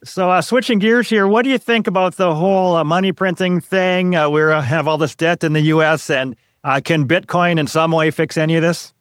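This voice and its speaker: A man's voice: on the high side, fairly even intonation, a little fast, hardly any pauses, no echo, clean studio sound. A man interviewing a guest, asking casual questions with many hesitant fillers.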